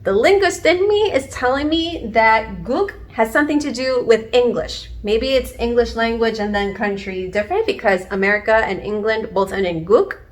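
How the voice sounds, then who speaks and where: A woman's voice: on the high side, normal speed, few pauses, soft background music. Chatty woman teaching at a whiteboard. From Puerto Rico. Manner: chatty and encouraging, self-deprecating. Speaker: online language learner teaching viewers. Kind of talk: casual video lesson. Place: indoors at a whiteboard. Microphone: camera framing her at the board.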